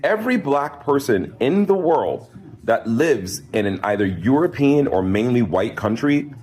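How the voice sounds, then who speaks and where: A man's voice: medium pitch, big pitch swings, a little slow, a little mellow, husky. A man hosting a commentary video, explaining earnestly. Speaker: commentary host.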